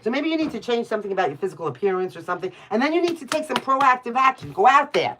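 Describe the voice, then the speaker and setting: A woman's voice: on the high side, big pitch swings, very fast, hardly any pauses, noisy background. Blunt chatty New York woman reading tarot. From Brooklyn, New York. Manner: blunt and chatty, swears freely, addresses viewers by name. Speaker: tarot reader on a livestream. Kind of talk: casual livestream tarot reading.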